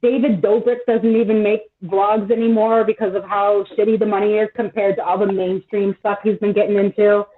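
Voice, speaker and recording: A woman in her thirties talks on a live stream in a chatty, rambling way, dropping swear words and plenty of "like". Her voice sits at an ordinary pitch for a woman. It comes through a narrow, tinny, phone-like line. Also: flat delivery, brisk, few pauses. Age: 30s. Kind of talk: casual chat. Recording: tinny phone-like call audio.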